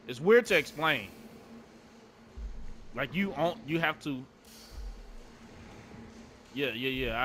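Brief: young male gaming streamer, laid-back and chatty, bright voice, faint background hiss. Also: fairly high pitch. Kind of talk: casual gameplay commentary.

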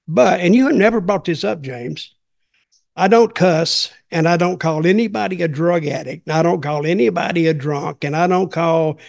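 An older podcast host drifts through folksy stories in relaxed conversation, circling back to repeat himself. His voice is gravelly and on the high side.

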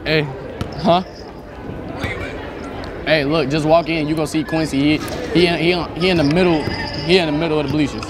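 A man's voice: a little high, fairly even intonation, normal speed, long pauses, noisy background. A nervous man in a crowded basketball gym, repeating himself and swearing as he calls out to the stands on a clip-on mic. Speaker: prank video creator. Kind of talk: nervous prank vlog in a crowd. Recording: loud crowd and music at a basketball game.

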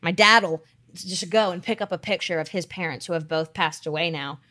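A woman co-hosting a podcast, telling stories in a chatty, animated way with lots of fillers and quoted asides. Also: fairly low pitch, fairly quick. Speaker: podcast co-host. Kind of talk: casual chat.

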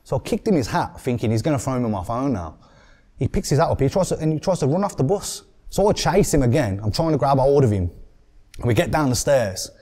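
A young man with a Birmingham accent, a podcast guest telling a story in an animated way, swearing often and acting out what people said. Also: medium pitch, a little fast. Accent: Birmingham English. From England.

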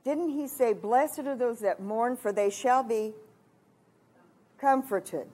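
A woman in her sixties from Kansas giving a heartfelt testimony sermon at a retreat, moving between hushed and emphatic delivery. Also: a little high, slow pace. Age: 60s. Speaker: retreat speaker.

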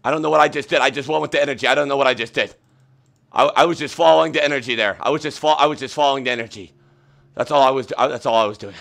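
A man hosting a comedic livestream, talking in an excitable, repetitive, mock-earnest way. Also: medium pitch, racing, creaky. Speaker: host. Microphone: webcam setup.

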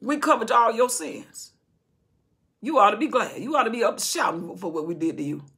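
A woman's voice: mid-range voice, lively intonation, normal speed, fairly bright tone, husky. A woman voicing a scolding male army captain who bluntly rebukes his king in a Bible retelling.

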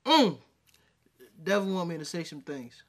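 A man reacting to a video in casual commentary, his pitch swinging widely as he gets worked up. His tone is bright and forceful, full of slang, and he argues straight back at the screen. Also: sing-song, measured pace. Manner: exasperated, slangy, talks back at the clip.

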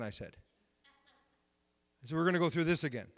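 A man preaching a sermon, telling testimony stories in an animated way and acting out the conversations. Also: on the high side, brisk, pauses often, long reverb tail. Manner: animated, retells conversations with rising excitement. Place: church.

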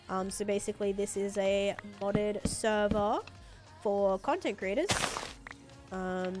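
A young woman streaming a game live, chatting casually and giggling often, with lots of fillers. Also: mid-range voice. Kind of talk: casual live-stream chat while gaming.

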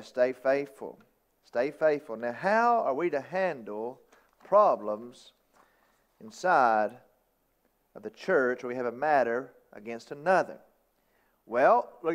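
A man preaching a sermon as pastor, reading scripture aloud and driving points home with emphatic repetition and sudden raised outbursts. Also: sits high. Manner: reads scripture in King James wording. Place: church sanctuary.

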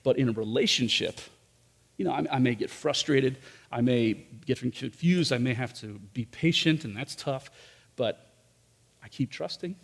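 Gravelly husky pastor in a big hall. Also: male voice, mid-range voice, moderate pace. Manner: conversational, rhetorical questions, frequent "right?". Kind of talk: sermon. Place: church service in a large room. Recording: long reverb of a large hall.

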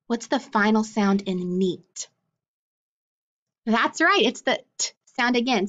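A woman teaches young children their letter sounds, speaking slowly and clearly with encouraging praise. Her voice sits a little high. The recording sounds dull and lo-fi. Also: fairly bright tone. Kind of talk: phonics lesson for young children.

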